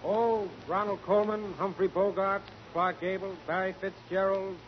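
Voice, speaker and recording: A man's voice: sits high, little pitch movement, a little slow. A man playing an impressionist looking for work, polite and eager, in 1940s radio comedy. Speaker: impersonator. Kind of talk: 1940s radio sitcom acting. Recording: dull lo-fi 1940s radio broadcast with hiss.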